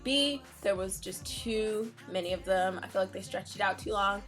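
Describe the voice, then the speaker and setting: A woman's voice: mid-range voice, normal speed, fairly bright tone, faint music behind. A young woman co-hosting a casual fan Q&A, chatty and opinionated in a laid-back way. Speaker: K-pop reaction channel co-host. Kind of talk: casual Q&A chat.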